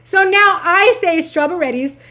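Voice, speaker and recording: A woman's voice: very high voice, a little slow. A middle-aged woman streaming a game, chatting casually and affectionately with her viewers. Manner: chatty, animated, talks to chat affectionately. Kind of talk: casual chat while gaming.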